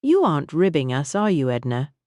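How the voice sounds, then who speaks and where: A woman voicing an incredulous, demanding young gentleman in an audiobook. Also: low voice, big pitch swings, a little fast, no echo, studio quality. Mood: indignant. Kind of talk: audiobook character voice.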